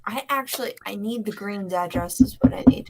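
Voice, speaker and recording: A woman co-hosting a live web show, teasing her partner with quick retorts in casual banter. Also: mid-range voice, darkish tone. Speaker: co-host.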